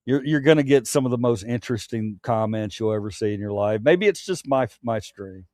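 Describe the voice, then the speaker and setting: A man's voice: medium pitch, a little fast, a little mellow, dry recording, studio quality. A grown man hosting his own late-night livestream, chatting candidly with viewers, rambling and stammering through restarts with casual swearing. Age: adult, past his youth. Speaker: livestream host.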